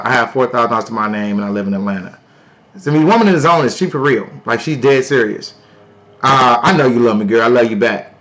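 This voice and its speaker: A man hosting a live stream, talking loudly and playfully to his viewers in a casual sales pitch. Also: a little hiss or hum. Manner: loud, playful, talks to chat. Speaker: livestream host.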